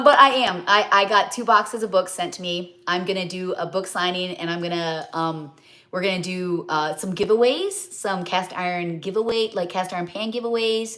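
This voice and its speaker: A middle-aged cookbook author with a medium-pitched voice, pushed and bright at a normal speed, hosts a live cooking stream. Her casual chat rambles, with plenty of fillers and asides.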